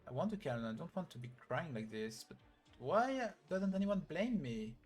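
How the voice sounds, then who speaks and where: A man reading the lines of a grieving, guilt-ridden young woman from a game story in a flat read-through. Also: mid-range voice, fast, slightly rough.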